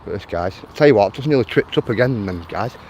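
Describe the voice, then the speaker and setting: Fast and animated, a man with a lowish, slightly mellow voice and a Lancashire accent talks to live-stream viewers while strolling outdoors through a town near traffic, answering comments and calling them mate. The highs are cut off and there's slight background noise.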